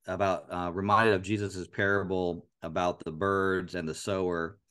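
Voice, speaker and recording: A man co-hosting a podcast, talking about scripture in an earnest, animated way and repeating phrases aloud to show a point. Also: sits low, normal speed, a little hiss or hum. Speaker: podcast co-host. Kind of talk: casual Bible discussion.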